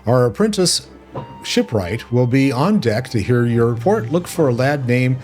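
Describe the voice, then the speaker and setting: A man's voice: medium pitch, lively intonation, moderate pace, a little mellow, soft background music, lightly acted. A man voicing a blunt, mercenary male pirate captain from a video game, reading the lines aloud boldly. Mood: gruff. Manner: bold, boastful, reads game lines aloud with small stumbles.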